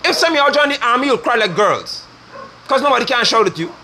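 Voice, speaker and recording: A middle-aged man preaches with fierce, scolding force. His voice sits high and swings widely in pitch, bright and sharp at the edges. Faint noise hums behind him. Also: lively intonation, fast talker. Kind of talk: fiery online sermon.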